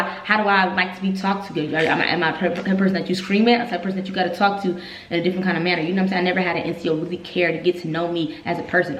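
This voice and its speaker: A woman recounts her own story in a candid, heartfelt rush. Her voice sits on the low side and the room around her rings with echo. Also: muffled recording. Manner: emotional, candid, repeats herself when upset. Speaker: vlogger telling her army story. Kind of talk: casual storytelling vlog. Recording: echoey room.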